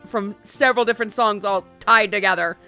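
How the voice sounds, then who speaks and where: Giggly, excitable let's-play woman. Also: mid-range voice, fairly quick, soft background music. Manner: giggly, excitable, swears casually. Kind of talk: casual game commentary.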